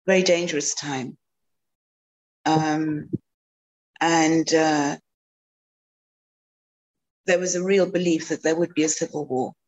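Woman from south africa, interview guest, slightly low voice, reflective, pausing often. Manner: thoughtful, many ums and pauses.

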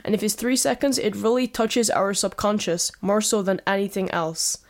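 A confident male branding executive speaks in a made-up central European accent, as a woman puts him on. He delivers each claim slowly and with firm emphasis. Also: medium pitch, close to an everyday voice. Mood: assured. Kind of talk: impression read-out.

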